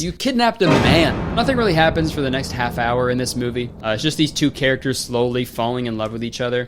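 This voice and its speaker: A young man in his twenties doing sarcastic, profane comedic commentary on a movie. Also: medium pitch.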